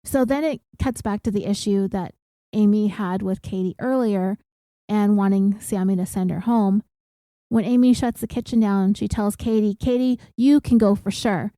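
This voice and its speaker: A woman's voice: medium pitch, normal speed, mellow, no room sound. A woman podcast host casually retelling a TV episode with blunt, profane commentary.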